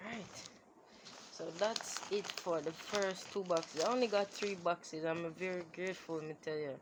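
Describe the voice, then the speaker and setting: Woman, unhurried talk, excitable and exclaiming, phone recording with noise behind. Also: on the low side. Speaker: vlogger. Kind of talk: casual unboxing vlog.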